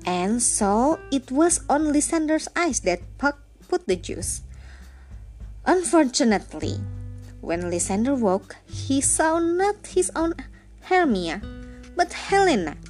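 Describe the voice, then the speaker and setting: Slow, expressive woman storyteller. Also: sits high, faint music behind. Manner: slow, measured and expressive reading. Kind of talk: scripted storybook narration.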